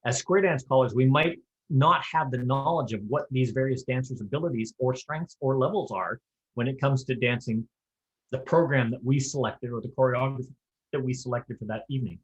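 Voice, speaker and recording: A man with a mid-range voice briskly instructs fellow callers in square dance calling, keeping the lesson conversational and practical with folksy asides and offhand humor. The recording sounds dull.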